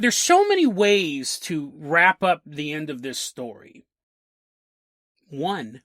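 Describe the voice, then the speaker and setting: A man's voice: fairly high pitch, pushed and bright, dry recording, clean studio sound. A man hosting a podcast, telling a strange story in a casual way with frequent laughs and jokey asides. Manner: laughs often, jokey asides, voices quick characters. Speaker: podcast host.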